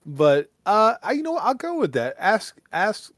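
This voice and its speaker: A man's voice: sits high, sing-song, moderate pace, a bit bright, no room sound, studio quality. A man playing a tabletop game who jokes and laughs easily while asking the game's questions. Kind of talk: casual tabletop game play.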